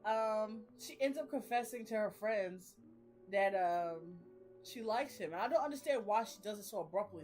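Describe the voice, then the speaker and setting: A young adult woman talks through her reading in a loose, rambling way, full of slang and frequent laughter. Her voice sits at a middle pitch. Soft music plays faintly behind her. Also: moderate pace. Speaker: reading vlogger. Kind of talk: casual chat.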